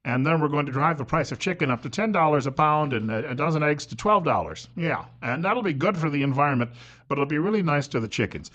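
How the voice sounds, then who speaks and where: A man's voice: a little high, sing-song, fast, fairly bright tone, dull audio. Middle-aged man, radio talk host, sarcastic and mocking, chuckles through his monologue. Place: radio studio.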